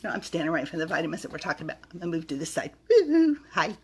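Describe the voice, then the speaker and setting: A woman's voice: low voice, fairly even intonation, racing, vocal fry, a little hiss or hum. Bubbly, chatty woman vlogger. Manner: bubbly, chatty, giggly, stumbles over words. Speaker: vlogger reviewing vitamins. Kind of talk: casual talk to camera.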